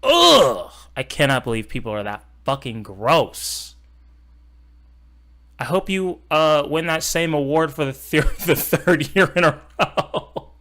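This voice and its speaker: A man streaming a reaction, ranting in a profane, heated and mocking way, swinging between loud outbursts and muttered asides. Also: fairly high pitch, a little slow. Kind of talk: casual live-stream reaction rant.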